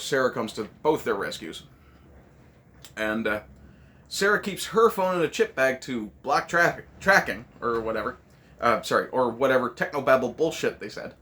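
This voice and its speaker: A man's voice: on the high side, sharp tone. Sarcastic, cursing man reviewing a movie. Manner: sarcastic, profane ranting.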